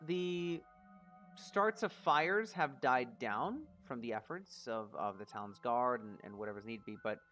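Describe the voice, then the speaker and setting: Bright, lively game master, easygoing narration, faint music underneath. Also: male voice, mid-range voice, a little slow. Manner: relaxed, rambling with fillers.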